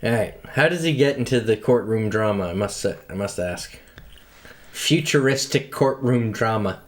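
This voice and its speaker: A man's voice: on the low side, animated, moderate pace. A man co-hosting a podcast, talking casually about a film, laughing often and making crude jokes. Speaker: podcast co-host. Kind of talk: casual movie chat.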